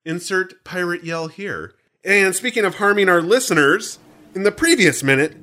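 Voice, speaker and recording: A man's voice: high voice, normal speed, pushed and bright, slight background noise. An American man co-hosting a podcast in a jokey, playful, theatrical chat. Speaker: podcast co-host.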